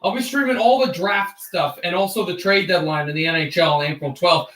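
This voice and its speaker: A man chatting on a hockey livestream in a high, bright voice. He rambles and cuts himself off. The sound echoes around a hard room. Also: brisk, few pauses. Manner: rambling, self-interrupting, bursts into shouted play-by-play calls. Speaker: livestream host. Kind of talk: casual hockey watch-along chat.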